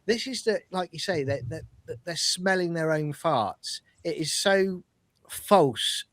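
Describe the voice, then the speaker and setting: A British man co-hosting a fan podcast rants in animated, exasperated casual chat. He slips into mocking voices. The recording is close and dry, with no room sound. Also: a little high, slow, dry recording. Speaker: podcast co-host.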